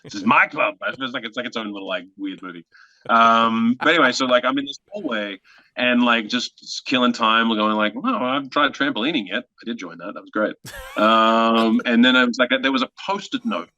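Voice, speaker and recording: A man with an Australian accent, a guest actor telling an animated, self-mocking anecdote in conversation. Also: mid-range voice, normal speed, dry recording, lo-fi sound.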